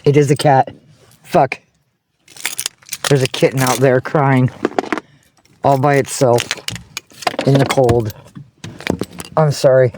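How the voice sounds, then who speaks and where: A woman with a deep, darkish voice narrates her outdoor walk on a neighborhood street for her vlog, cursing under her breath and cooing at cats in a sing-song tone. Her pitch barely moves, she speaks slowly with long pauses, and clear background noise runs through the recording.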